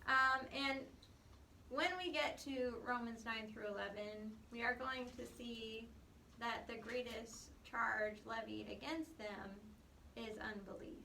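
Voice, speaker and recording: A woman's voice: on the high side, fairly even intonation, slow, vocal fry, sharp tone, slight background noise. A woman teaching a Bible class, emphatic and explanatory, often stopping with "um" and "okay". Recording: echoey room recorded from far off.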